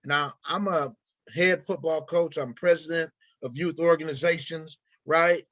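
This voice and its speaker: A man with a high voice tells an animated, self-mocking story in an interview. The sound is dry and a little dull, as if heard through a muffled mic. He keeps his listeners in on the joke. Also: measured pace, no echo. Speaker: creator of the film, youth football coach.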